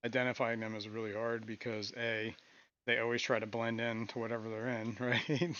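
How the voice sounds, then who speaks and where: A man hosting a casual live stream from his fish room, talking in a relaxed, rambling way with frequent chuckles. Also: mid-range voice, moderate pace, lo-fi sound. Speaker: aquarium stream host.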